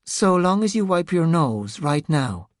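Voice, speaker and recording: A woman voicing a young woman detective's partner, firm but gentle. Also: sits low, very animated, a little slow, no echo, clean studio sound.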